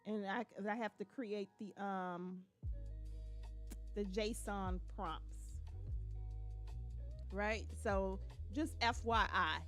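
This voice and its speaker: A woman's voice: fairly even intonation, very slow, long pauses, fairly bright tone, soft background music. A woman hosting a casual live stream, chatting with viewers and reading their comments aloud, speaking. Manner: chatty, reads viewer comments aloud, drops to a low voice at times. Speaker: livestream host. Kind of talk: casual livestream chat with viewers.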